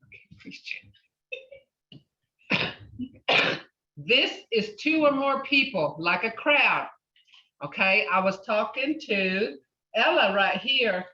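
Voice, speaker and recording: A woman teaching a language class, patiently repeating words slowly to model pronunciation. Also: medium pitch, pushed and bright. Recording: roomy, distant, dull lo-fi classroom recording.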